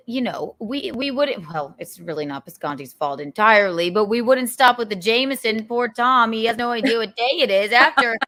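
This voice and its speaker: A woman hosting a livestream show, telling stories in a lively, chatty way and laughing often. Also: fairly high pitch, moderate pace, few pauses. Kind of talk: casual chat.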